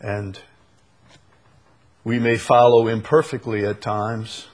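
A man preaching a sermon, slow and emphatic, repeating key phrases for weight. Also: fairly low pitch, fairly even intonation. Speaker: pastor.

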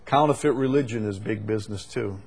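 A man preaching a sermon, moving from quiet, conversational explanation to loud, emphatic, repeated declarations. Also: lowish voice, a little fast, slightly rough. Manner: swings from quiet explaining to shouted emphatic climaxes.

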